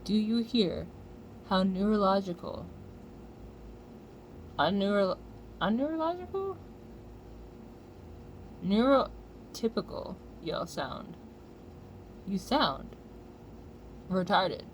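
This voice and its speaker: American woman vlogging, angry rant, cussing a lot, gets loud, mid pitch, bit of background hiss. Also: animated, slow, long pauses. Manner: heated, profane, loud outbursts.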